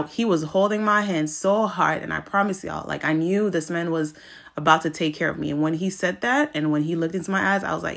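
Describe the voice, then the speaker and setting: A woman's voice: fairly low pitch, fairly even intonation, normal speed, creaky, a bit bright. A young woman hosting a podcast, chatting casually and emotionally, with lots of fillers. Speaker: podcast host sharing her experience. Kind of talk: casual chat.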